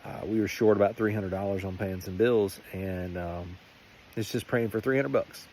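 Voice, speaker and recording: A man's voice: fairly low pitch, steady tone, normal speed, darkish tone, slight background noise. A man giving a rambling, earnest personal faith testimony in a vlog. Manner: earnest, rambling, many restarts. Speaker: faith vlogger.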